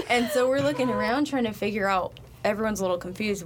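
A woman on a casual podcast chat, telling a church story in an animated way and laughing often. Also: medium pitch, fast talker, few pauses, very noisy.

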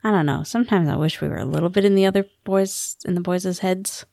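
A woman's voice: on the low side, quick pace, vocal fry, warm tone, no echo, clean studio sound. A woman co-hosting a podcast, chatting casually about a book and acting out its dialogue with a giggle. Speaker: podcast co-host. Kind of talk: casual book-club chat.

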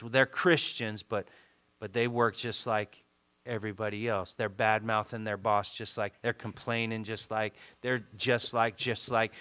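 A man with a lowish voice preaches, shifting from fervent, loud exhortation down to hushed entreaty. Stirred moments bring frequent repetition of his words.

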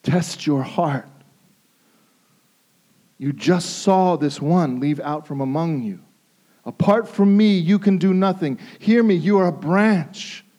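A male pastor preaching a sermon, emphatic and repeating phrases for stress, moving between hushed intensity and raised pleas. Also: sits high, unhurried, muffled recording.

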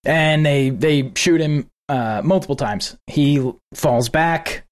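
A man with a slightly high voice co-hosts a casual podcast. He retells events in an animated way and swears freely. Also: slow. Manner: profane, animated retelling of a news video. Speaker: podcast co-host. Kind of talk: casual political podcast chat.

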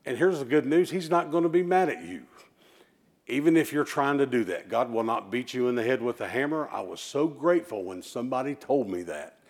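A man's voice: medium pitch, lively intonation, brisk, darkish tone. Male pastor preaching with emphasis, folksy between scripture readings, mid-range voice. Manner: emphatic preaching with call-and-response. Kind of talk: sermon.

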